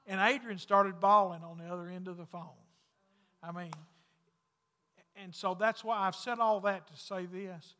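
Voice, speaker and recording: A pastor preaching in a long, ringing hall. His voice sits high for a man, bright and forceful. He moves from loud calls to hushed, intimate lines in a folksy way. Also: steady tone, unhurried, pauses often. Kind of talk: sermon.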